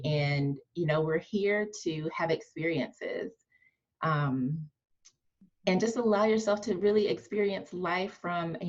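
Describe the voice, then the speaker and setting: A woman's voice: lowish voice, highs cut off. A woman guest on a podcast who talks in an earnest, encouraging, coaching way. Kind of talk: casual conversational interview.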